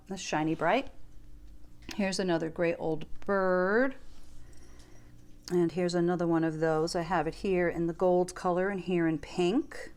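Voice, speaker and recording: A woman giving a casual, enthusiastic show-and-tell of her vintage ornament collection in her living room. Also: on the low side. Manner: chatty, enthusiastic, gushing over finds.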